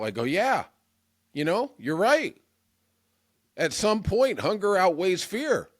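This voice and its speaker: A middle-aged man hosts a political podcast, rambling through a jokey, self-mocking comic monologue. His voice is high and very animated, and he takes his time, pausing often.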